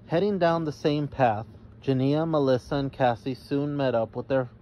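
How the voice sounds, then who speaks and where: A man reading a children's story aloud as narrator, in a measured way. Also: medium pitch, muffled recording, slight background noise.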